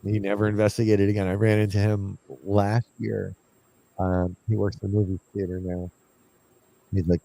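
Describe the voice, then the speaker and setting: A man's voice: on the low side, moderate pace, vocal fry. A man casually telling a ghost story from his investigations, acting out what he and others said. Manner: animated, acts out his own past lines.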